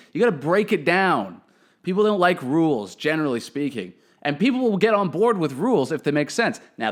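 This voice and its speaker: A young man telling a casual story as a comedian host, animated and swearing, jumping into quick voices for the people he quotes. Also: medium pitch.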